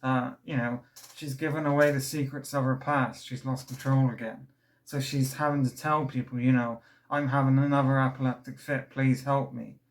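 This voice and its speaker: A man's voice: mid-range voice, steady tone, normal speed. A young man casually reviewing a record, rambling and enthusiastic, a little out of breath. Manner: rambling and enthusiastic, many fillers and restarts. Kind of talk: casual album review vlog.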